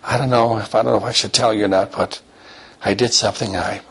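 A man's voice: lowish voice, fairly even intonation, quick pace, a bit bright, slightly rough, voice pushed up, heavily acted. A man voicing an eager young grandson who hesitates and stammers as he talks. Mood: hesitant.

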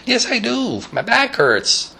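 A man voicing an achy, slightly contrary older woman with a high, strained, protesting voice. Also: wildly swooping pitch, slow, vocal fry, pushed and bright, exaggerated voice.

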